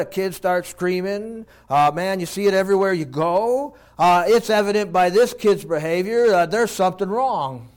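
Folksy preacher man with a high voice. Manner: folksy storytelling preacher, swinging from soft reflective to loud animated. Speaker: pastor. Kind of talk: sermon.

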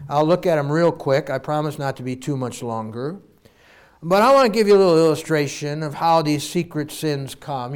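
A male preacher tells a story in a sermon with a smooth, resonant voice sitting a little high for a man. He performs it, swinging from loud pleading lines to hushed, heavy ones.

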